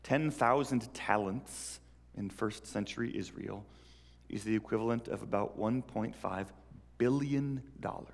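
A male pastor giving a sermon, telling a story with lively, animated delivery. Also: fairly low pitch, measured pace, creaky, a little hiss or hum. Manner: animated storytelling, acts out characters. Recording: reverberant hall.

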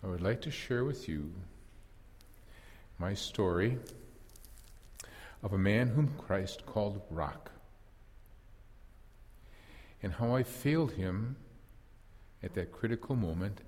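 A man's voice: on the low side, animated, slow, long pauses, darkish tone, in a large hall. A man playing an impulsive apostle fisherman in a first-person dramatic monologue, telling his story earnestly and reflectively with wry self-deprecation.

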